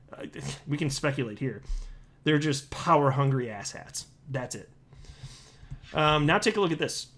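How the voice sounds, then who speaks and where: A man hosting a crypto commentary talk, speaking bluntly and scornfully with frequent restarts. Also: a little high. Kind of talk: casual commentary monologue.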